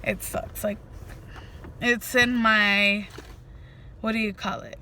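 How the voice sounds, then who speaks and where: A woman's voice: medium pitch, slow pace, slight background noise. A woman vlogger telling a story to her viewers in a casual, emphatic way, often saying "freaking" and speaking to them directly. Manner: animated, emphatic, says "freaking" a lot.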